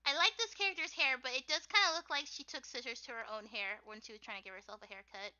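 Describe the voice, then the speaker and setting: A woman's voice: sits high, fast talker, bright, forceful tone. A young American woman chatting casually while drawing on a stream, rambling and giggling with lots of fillers. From United States. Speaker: artist streamer. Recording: dull lo-fi stream audio.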